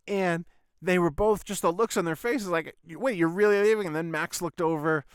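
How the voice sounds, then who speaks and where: Dude hosting a podcast, rambling story w lots of "like" and swearing, clean dry sound. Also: male voice, fairly high pitch, moderate pace, smooth, dry recording. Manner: rambling, sweary, full of "like" and "I was like" retellings. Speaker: podcast host. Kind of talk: casual storytelling monologue.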